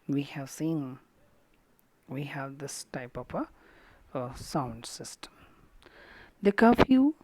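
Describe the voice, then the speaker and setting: A woman with an Indian English accent lectures in a deep, unhurried voice, sounding out syllables one by one. She leans hard on stressed words and drops to a whisper on the weak ones. The recording is close and dry, with no room sound. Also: a little mellow, dry recording. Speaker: English literature teacher.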